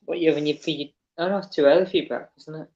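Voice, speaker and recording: A woman's voice: low-pitched, steady tone, racing, dark tone. A woman chatting on a livestream panel, talky and swearing, with a laugh never far away. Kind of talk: casual chat. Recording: echoey, dull-sounding room mic.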